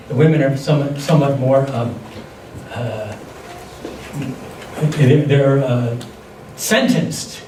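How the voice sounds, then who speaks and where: Older male seminar speaker, slightly high voice, anecdotal and conversational; distant mic in an echoey room. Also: mellow. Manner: conversational, anecdotal teaching with frequent restarts. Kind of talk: lecture on holistic health. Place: lecture hall. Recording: echoey hall, distant mic, faint noise.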